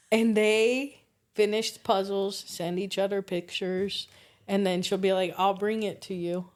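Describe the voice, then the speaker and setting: A woman co-hosting a relaxed podcast, spinning animated family stories and breaking into laughter as she goes. She swears freely and talks at an ordinary, mid-pitched level. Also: unhurried. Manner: swears casually. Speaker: podcast co-host. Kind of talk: casual storytelling chat.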